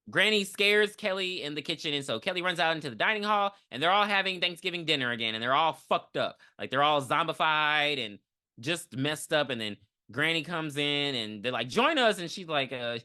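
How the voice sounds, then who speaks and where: Animated, bright-voiced woman recapping a film. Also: sits low. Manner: profane, animated retelling with quoted lines. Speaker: podcast co-host. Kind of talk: casual movie recap chat.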